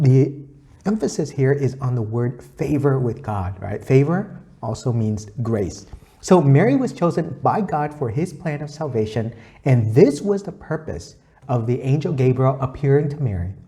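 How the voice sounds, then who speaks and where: Male speaker, gospel reflection, earnest teacher's delivery with lively pitch, repeats key points.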